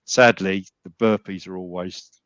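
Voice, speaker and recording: Man, low-pitched, rambling guest, dry close sound, slightly dull. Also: steady tone, normal speed, a bit bright, dry recording. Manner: rambling, many restarts and "you know"s. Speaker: gym member guest. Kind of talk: casual podcast interview.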